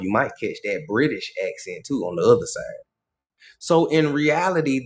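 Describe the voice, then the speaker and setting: A man hosting a livestream, reading a passage aloud and breaking off to comment in casual slang. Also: medium pitch. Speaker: livestream host.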